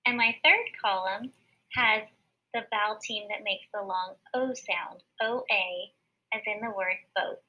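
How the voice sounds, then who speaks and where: A woman teacher giving a recorded phonics lesson to young children, explaining each step slowly, clearly and patiently. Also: a little high, sharp tone. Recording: dull lo-fi recording.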